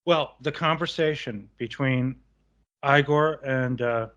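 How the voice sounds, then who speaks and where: A man's voice: mid-range voice, slow pace, dull audio. A man co-hosting a casual film podcast, retelling scenes and acting out lines with gusto. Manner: animated, acts out movie lines. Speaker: podcast co-host.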